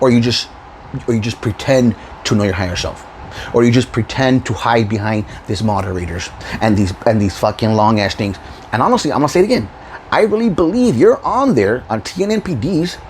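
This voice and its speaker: A man's voice: mid-range voice, a little hiss or hum, rough recording. A man hosting his own video channel, delivering a profane, confrontational rant with frequent laughs. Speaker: YouTube channel host. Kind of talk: ranting vlog monologue.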